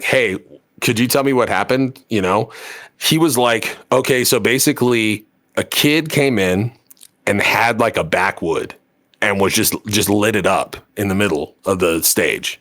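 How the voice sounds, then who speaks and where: Man, low voice, casual podcast storytelling, rambling, lots of fillers and cursing. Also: a bit bright. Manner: rambling, filler-heavy, swears a lot. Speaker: podcast co-host.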